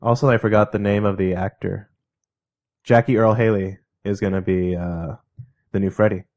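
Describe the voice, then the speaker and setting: A man chatting casually with friends about horror movies, animated and quick to act out his own reactions. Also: fairly low pitch, highs cut off. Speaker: podcast co-host. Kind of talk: casual group chat.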